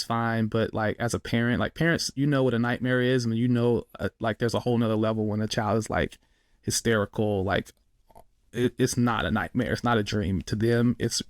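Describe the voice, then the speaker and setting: A man's voice: medium pitch, no echo, studio quality. A middle-aged man telling a personal story in casual, rambling talk, full of fillers as a podcast guest. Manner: rambling, lots of "like" and "you know".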